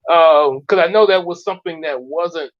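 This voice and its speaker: A man hosting a casual reaction chat, rambling and halting with many restarts. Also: fairly high pitch, dull audio. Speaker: host.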